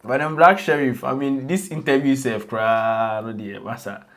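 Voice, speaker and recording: A man with a Ghanaian accent co-hosts a relaxed gossip chat. He rambles in an easygoing way and laughs often between his points. His voice sits at an ordinary pitch. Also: normal speed. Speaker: co-host. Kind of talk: casual chat.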